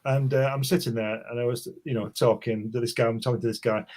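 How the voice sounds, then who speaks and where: An Englishman in his sixties spins a loose anecdote. He talks in a halting, rambling way, stops often and circles back over his words. His pitch and pace sit right in the middle. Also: steady tone, a little mellow. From England. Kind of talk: casual storytelling chat.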